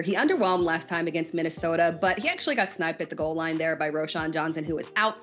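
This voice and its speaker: A woman giving confident fantasy football advice in a conversational way. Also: lowish voice. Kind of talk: conversational sports analysis.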